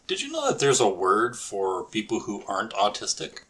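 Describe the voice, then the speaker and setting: A man's voice: on the low side, huge pitch swings, moderate pace, sharp tone. A man co-hosting a podcast in casual chat, crude and joking, swearing freely. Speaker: podcast co-host and storyteller.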